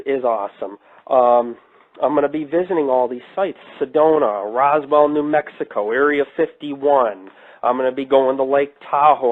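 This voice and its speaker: A man from New York, a paranormal investigator hosting a radio show, ranting brashly and swearing in a casual monologue. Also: mid-range voice. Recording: tinny phone-like radio line.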